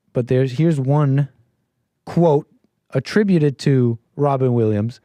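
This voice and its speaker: A man hosting a casual livestream call-in show, rambling and correcting himself, his voice swinging between quiet asides and louder bursts. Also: medium pitch, dry recording. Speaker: livestream host.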